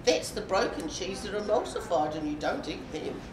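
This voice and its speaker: A woman's voice: medium pitch, sing-song, a little fast, crowd noise. A woman sharing plain, matter-of-fact opinions in a casual group chat. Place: library meeting room. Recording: echoey room from far off, with background noise.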